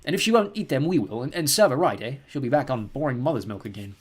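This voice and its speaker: A man's voice: mid-range voice, lively intonation, quick pace, breathy edge. A man voicing a cheerful, joking father in an audiobook, chatty and teasing. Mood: jovial.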